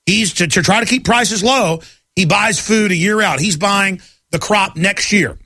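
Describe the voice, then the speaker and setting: Gravelly, bright-voiced ranting radio host. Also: male voice, sits high, measured pace, no echo. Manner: ranting, emphatic, many restarts. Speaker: radio talk show host. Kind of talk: talk radio monologue. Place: radio studio. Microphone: studio microphone.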